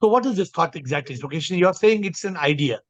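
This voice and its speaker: A man's voice: fairly high pitch, expressive, quick pace, dry recording, muffled recording. A man leading an online group call as a spiritual teacher, explaining emphatically and repeating his phrasing. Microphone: video call.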